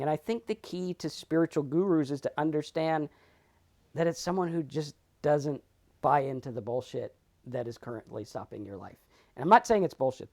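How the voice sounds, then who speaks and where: A man co-hosting a casual talk on sobriety and spirituality. His delivery is animated and emphatic, and he slips into playful character voices as he tells his stories. He curses freely. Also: a little high. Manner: animated, acts out characters in anecdotes. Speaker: podcast co-host.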